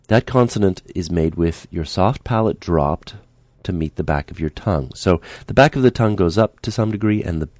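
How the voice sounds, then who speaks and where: Deep-voiced male speech teacher, calm. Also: no room sound. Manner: calm, patient, demonstrates sounds aloud. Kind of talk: instructional speech lesson.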